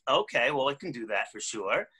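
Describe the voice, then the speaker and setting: A man's voice: medium pitch, expressive, normal speed, sharp tone, breathy edge. A man co-hosting a podcast, chatting and joking casually before introducing the guest. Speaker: podcast co-host.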